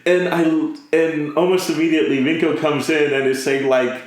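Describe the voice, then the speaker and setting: A man's voice: fairly high pitch, normal speed. Guy gushing about a show, laughs a lot, voices the characters, really echoey room. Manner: animated, laughs often, acts out characters' lines. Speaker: podcast co-host. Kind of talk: casual anime review chat.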